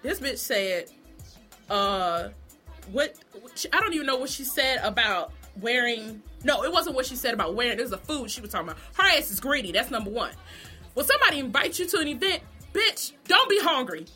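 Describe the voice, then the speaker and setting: A woman with a high, bright voice delivers a profane vlog rant about a reality show. She swings between mocking disbelief and real outrage. Faint music plays behind her. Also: sing-song, a little fast. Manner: heated, profane, swinging between mock shock and indignation. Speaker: vlogger.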